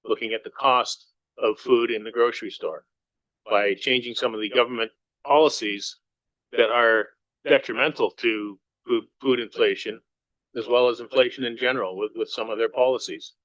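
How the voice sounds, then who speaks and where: A male city councillor argues for an amendment during a council debate. His delivery is earnest, and he circles back to the same points. His voice sits at a medium pitch, recorded dry on a desk mic. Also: fairly even intonation, moderate pace, a bit bright, dry recording, low-quality recording. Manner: earnest, repetitive argument. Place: council chamber.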